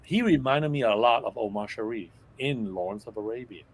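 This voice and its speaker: A man's voice: medium pitch, animated, brisk, husky. Chatty male guest reviewer. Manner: chatty, agrees constantly with yeahs. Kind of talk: casual live movie review chat.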